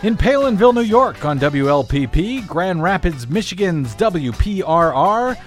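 A man's voice: sits high, sing-song, a little slow, faint music behind. A man hosting a talk radio show, wry and self-deprecating, stumbling over fillers as he talks. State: a little out of breath. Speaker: radio host. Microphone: studio microphone.

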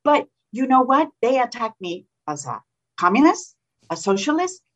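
A woman's voice: fairly high pitch, sing-song, normal speed, fairly bright tone, highs cut off. A woman whose first language is Spanish, speaking as a political candidate in an interview, emphatic and repeating phrases for force. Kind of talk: interview talk.

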